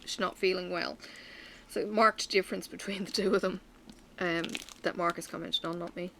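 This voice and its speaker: A woman's voice: on the low side, fairly even intonation, normal speed, vocal fry, bright, forceful tone, slight background noise. A woman chatting casually to camera, telling a story with many fillers. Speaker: vlogger. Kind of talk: casual chat while stitching.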